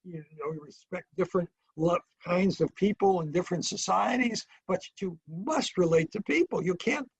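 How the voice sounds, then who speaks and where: An older American man with a husky, slightly high voice speaks as a professor being interviewed. He talks haltingly, restarting his sentences and circling back to his point with a dry wit. The sound is close and dry, with little room echo. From United States. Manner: halting, many restarts and fillers, with dry humour. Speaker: international relations professor, guest. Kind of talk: remote interview.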